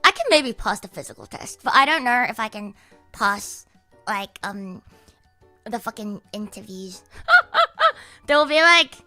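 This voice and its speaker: A woman's voice: a little high, expressive, unhurried, pushed and bright, faint music behind. A young woman chatting casually on her livestream, rambling, swearing, with many fillers. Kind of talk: casual stream chat.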